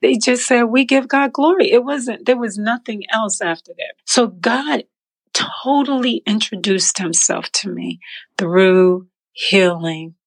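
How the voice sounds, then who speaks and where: A woman telling her personal testimony in an interview, animated, acting out the voices in her story and laughing often. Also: medium pitch, takes it slowly, vocal fry. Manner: animated, acts out quoted voices. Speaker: interview guest.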